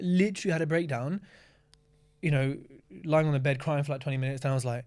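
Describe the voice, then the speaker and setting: A man talks in a casual interview with a voice pitched a bit high. He is blunt and candid, swears without hesitation, and acts out the scenes he describes in lively asides. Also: fast. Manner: animated storytelling with acted-out asides. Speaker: podcast guest, property investor.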